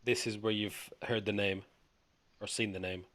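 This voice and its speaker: Low-voiced man running a game. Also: fairly even intonation, normal speed, fairly bright tone. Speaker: game master. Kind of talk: running a tabletop game online.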